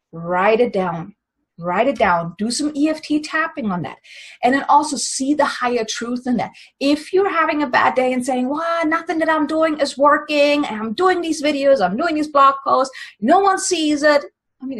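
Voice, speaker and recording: A woman with a slightly husky, fairly high voice, talking straight to her viewers as a business coach. Her delivery is earnest and emphatic, pressing each tip home with encouragement. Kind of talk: motivational advice talk to camera.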